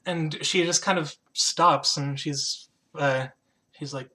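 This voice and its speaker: A man's voice: fairly high pitch, takes it slowly, pushed and bright. A man narrating as game master of a tabletop game, describing scenes with fillers and chuckles.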